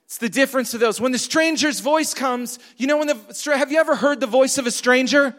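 A pastor preaching a sermon, emphatic and repetitive, asking the congregation questions. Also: male voice, extremely high pitch, brisk, fairly bright tone. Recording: long hall reverb.

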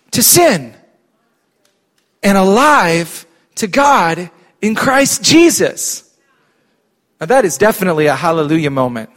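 A middle-aged male pastor preaching a sermon in church, emphatic and calling on the congregation to respond. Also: high voice.

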